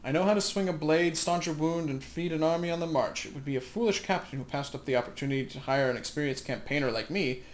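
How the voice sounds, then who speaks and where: A man playing a gruff old camp-follower woman. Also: fairly high pitch, fast talker, hardly any pauses, close to an everyday voice. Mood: brash.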